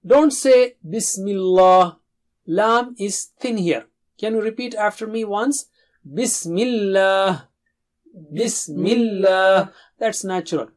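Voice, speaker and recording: A Quran recitation teacher giving a lesson and drilling syllables slowly for pupils to repeat. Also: medium pitch, a little mellow. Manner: slow, careful, stresses single syllables for pupils to copy.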